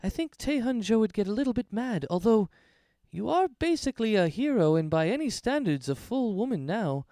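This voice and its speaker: A chatty wood elf innkeeper woman, as a man puts her on for a tabletop game, pitched high above his own voice and fussing eagerly over her guests. The voice is clear and smooth, recorded with a dry close sound. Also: big pitch swings, brisk, warm tone, no room sound. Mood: fluttery hospitable. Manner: fluttery, eager to please.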